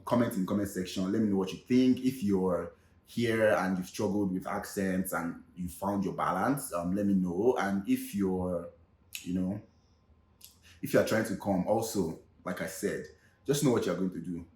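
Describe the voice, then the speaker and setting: A Nigerian man with a fairly low voice talks to the camera in a relaxed, chatty way. He slips into Pidgin now and then, and the room around him is echoey. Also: moderate pace. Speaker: vlogger. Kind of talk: casual vlog talk.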